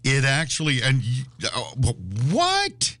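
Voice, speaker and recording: A man's voice: mid-range voice, huge pitch swings, slow, bright, forceful tone. A man co-hosting a casual radio talk show, mostly chiming in with short agreeing replies. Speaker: radio co-host.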